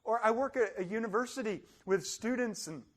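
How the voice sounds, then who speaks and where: A young adult man giving a motivational talk, animated, acting out complainers in high voices. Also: fairly quick. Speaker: motivational speaker.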